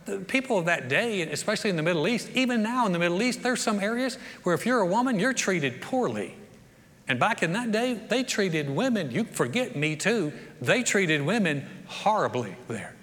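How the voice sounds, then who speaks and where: A man's voice: high-pitched, sing-song, moderate pace, fairly bright tone. A man preaching a sermon in a folksy, storytelling way, acting out quotes from the people in his story. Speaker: pastor. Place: church sanctuary. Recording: long church reverb.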